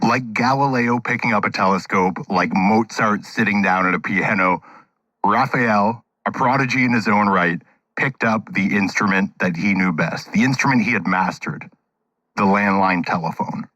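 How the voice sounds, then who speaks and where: Casting: low-voiced man, wry scripted narration, dry close sound, faint music. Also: normal speed, sharp tone, no room sound, dull audio. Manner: wry, dramatic storytelling. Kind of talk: scripted radio-documentary narration.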